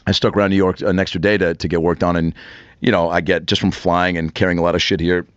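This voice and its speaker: Fast-talking male podcast guest. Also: deep voice, flat delivery, dry recording, muffled recording. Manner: rambling storyteller with restarts and swearing. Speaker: comedian guest. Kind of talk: casual podcast chat. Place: podcast studio.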